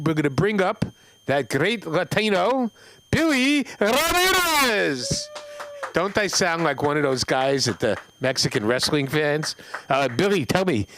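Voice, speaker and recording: Man hosting an open mic, higher-pitched voice, bouncy animated delivery, faint hiss. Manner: teasing, animated banter. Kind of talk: introducing comics. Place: comedy club stage.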